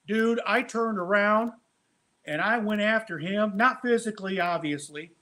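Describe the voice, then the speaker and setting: A man, a former army first sergeant, telling a story on a casual podcast in an animated, profane way, tossing in "man" constantly. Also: high voice, moderate pace.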